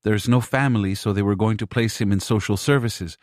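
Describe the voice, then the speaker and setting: A man's voice: lowish voice, brisk, no echo, clean studio sound, close to an everyday voice. A man voicing an anxious young wife and mother whose first language is Spanish, speaking earnestly in an audiobook.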